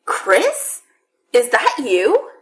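A woman's voice: a little high, huge pitch swings, drawn-out words, pitched above the performer's own voice, exaggerated voice, low-quality recording. A woman doing a dry, patient young man. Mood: worried. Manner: dry, firm, worried.

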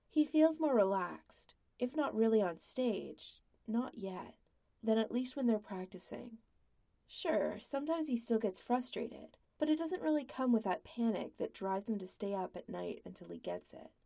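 A woman narrating a fan fiction audiobook in a quiet, intimate way. Her voice is dark and mellow with plenty of vocal fry. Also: medium pitch. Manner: quiet, even, intimate reading. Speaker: podfic reader.

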